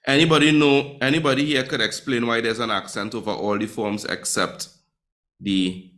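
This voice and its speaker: A man's voice: mid-range voice, fairly even intonation, normal speed, fairly bright tone. A man teaching Spanish grammar to a class, quizzing students and often checking in with "right?". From Trinidad and Tobago.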